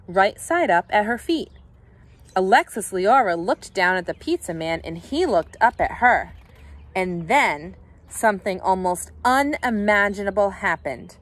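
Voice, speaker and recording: A teacher reading a picture book aloud to children, her mid-pitched voice rising and falling with lively expression. She tells the story with animated, storybook flair. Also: a little slow.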